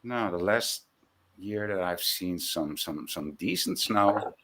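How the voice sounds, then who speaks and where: Low-voiced european guy chatting, lots of uh and um. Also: slow pace, pushed and bright. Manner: searches for words with many fillers. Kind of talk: casual chat.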